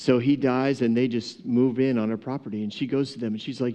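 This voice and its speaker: A man's voice: mid-range voice, little pitch movement, brisk, dark tone, dull audio. A pastor preaching a sermon to his church, retelling a parable with humor, laughing often and acting out the characters. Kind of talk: sermon storytelling.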